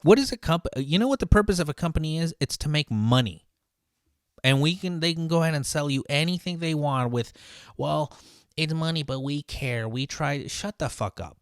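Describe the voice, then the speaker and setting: A man's voice: fairly high pitch, fairly quick, no echo. Brief: line cook, male, casual profane storyteller, dry recording. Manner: profane, venting, animated.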